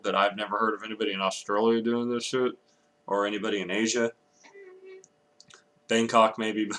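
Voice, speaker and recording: Young guy from texas going off in an angry sweary rant, lowish voice, keeps saying sorry. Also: bright, forceful tone. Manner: angry, profane ranting with apologetic asides. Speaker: vlogger. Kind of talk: ranting commentary vlog.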